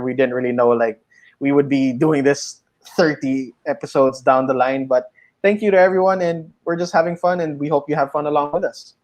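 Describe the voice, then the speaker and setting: A man from the Philippines who is a pro wrestler, hosting a casual livestream chat over a video call, upbeat and steady. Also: on the high side. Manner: plugging shows, steady and upbeat. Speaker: pro wrestler and show host.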